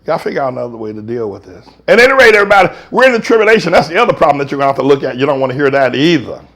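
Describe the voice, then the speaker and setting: A pastor in a heated, folksy preaching rant, swinging from shouts down to mutters. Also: male voice, medium pitch. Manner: folksy, slangy.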